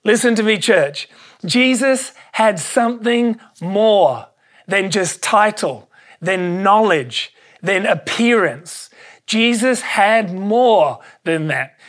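A pastor preaching a sermon, emphatic and excitable, repeating key phrases for weight. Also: mid-range voice, slow pace.

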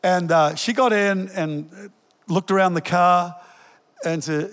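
A man's voice: high-pitched, normal speed. Older male pastor preaching in a hall. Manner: conversational, jokes with the congregation. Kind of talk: sermon. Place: church hall.

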